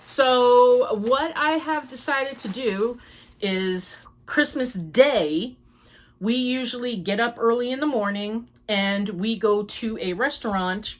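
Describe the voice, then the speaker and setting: Older woman, podcast host, chatty, rambling, upbeat. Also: medium pitch. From United States. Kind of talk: casual chat.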